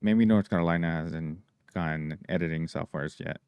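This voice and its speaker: Podcast co-host, man, deep and smooth, casual teasing banter. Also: normal speed, no room sound, lo-fi sound. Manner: joking, teasing, swears freely. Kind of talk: casual chat.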